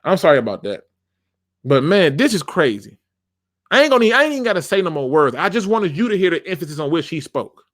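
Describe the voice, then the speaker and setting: A man hosts his football fan channel in a casual, emphatic rant, leaning on slang and repeating lines to hammer a point home. His voice sits a bit high and swings widely in pitch. The sound is dry and close, with no room around it. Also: sing-song, fast talker, a bit bright, dry recording. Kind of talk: casual sports commentary rant.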